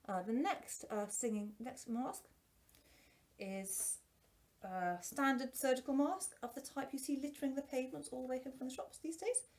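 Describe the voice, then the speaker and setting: A singing teacher with a high-pitched, slightly mellow voice chats through a face mask at a moderate pace, so she sounds a little muffled. It's a casual product review, self-deprecating and full of restarts, with a bit of hiss or hum.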